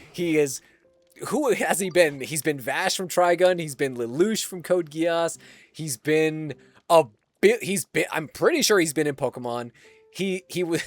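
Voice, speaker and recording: A man's voice: high voice, no room sound. A man streaming a game who chats to viewers, laughs often and swears casually. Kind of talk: casual live-stream gameplay chat.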